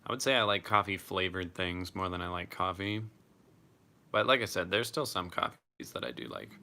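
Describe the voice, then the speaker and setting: A man's voice: low-pitched, lively intonation, moderate pace, sharp tone. A young man casually chatting on a live stream, reading out viewer comments and swearing freely.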